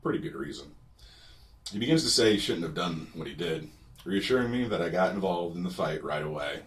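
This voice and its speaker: A man's voice: deep voice, lively intonation, brisk. A man narrating a personal story with wry, dry humor, recorded a bit away from the mic. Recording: distant from the mic.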